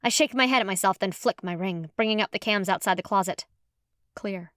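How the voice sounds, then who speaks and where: A woman narrating a first-person audiobook in a lively, expressive storytelling manner. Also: medium pitch, a little fast, no echo. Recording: dry close studio sound.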